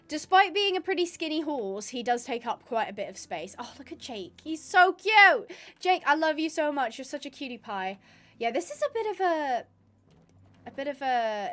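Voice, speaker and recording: A young woman talks through a gaming stream in a loose, rambling way. Her voice sits high, and she fills the gaps with ums, likes and restarted phrases. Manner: chatty and rambling, with many fillers and restarts. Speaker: streamer and roleplayer. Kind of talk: casual live-stream chat while gaming.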